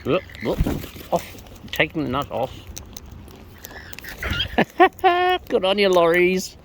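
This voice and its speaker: Feeding wild birds outdoors, a vlogger talks to them playfully in a coaxing, babyish tone. Her voice sits on the low side, expressive and moderately paced, recorded on a phone held close amid loud bird noise.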